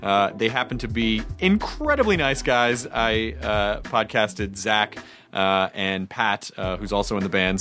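A man's voice: on the low side, unhurried, sharp tone, soft background music. A man hosting a podcast, reading ads and chatting casually, with plenty of "uh" fillers. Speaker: podcast host. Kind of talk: casual podcast chat and ad reads.

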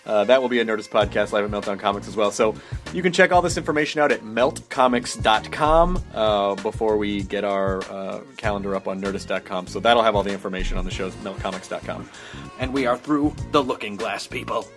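A man's voice: lowish voice, fairly quick, faint music behind. A man hosting a podcast, reading announcements casually with joking asides. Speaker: podcast host.

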